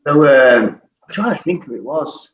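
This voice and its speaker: A man's voice: a little high, expressive, normal speed. A man in his forties, a former footballer and podcast guest, telling stories in a casual chat, swearing constantly and laughing through his anecdotes. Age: 40s. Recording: roomy, muffled recording with faint hiss.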